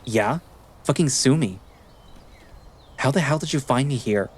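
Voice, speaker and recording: A man's voice: mid-range voice, expressive, a little slow, slight background noise, close to an everyday voice. A man voicing Tom, a troubled young man who answers curtly and defensively, in a visual novel reading with faint music behind. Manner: curt, defensive, swearing. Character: guarded, troubled young man holding back tears.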